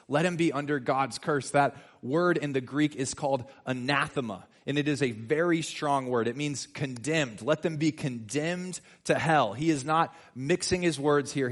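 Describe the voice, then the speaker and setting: Male pastor, slightly high voice, conversational sermon with emphatic swells. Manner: conversational, animated preaching with sudden emphatic swells. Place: church.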